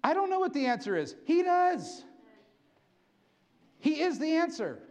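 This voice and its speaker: A middle-aged male pastor giving an excitable sermon, acting out quotes as he preaches. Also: very high voice, measured pace.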